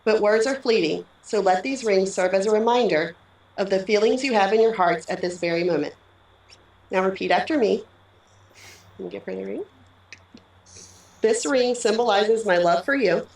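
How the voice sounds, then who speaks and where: A woman's voice: mid-range voice, normal speed, pauses often, darkish tone. Woman officiating a wedding in an echoey hall. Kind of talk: wedding ceremony address. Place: wedding ceremony venue. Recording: echoey, picked up from a distance.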